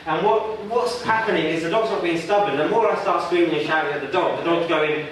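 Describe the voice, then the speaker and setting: A man's voice: fairly high pitch, a little fast, a little hiss or hum. A male dog trainer leading a workshop, conversational and asking the audience questions. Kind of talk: workshop teaching. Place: workshop room. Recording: echoey room from far off.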